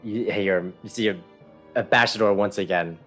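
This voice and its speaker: A man's voice: on the low side, normal speed, music in the background. A man narrating a tabletop game as game master, hesitant, with many ums and restarts.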